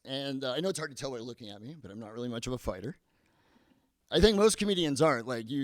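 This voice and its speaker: A stand-up comedian in his thirties works a comedy club stage, poking fun at himself and stammering into each punchline. His mid-range voice is slightly bright, and there's no echo.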